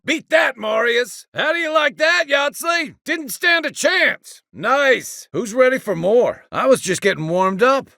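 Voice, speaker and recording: A weathered ex-sailor turned soldier, a game companion with a rough, gravelly edge and a pitch that swings widely. His voice has a punchy, forceful bite. It is recorded close and dry in the studio. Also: no echo, full character voice. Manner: easygoing banter in talk, barked battle calls in combat. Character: seasoned male ex-sailor soldier companion, steady and wry. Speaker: party companion. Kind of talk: video game voice lines. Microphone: close studio mic.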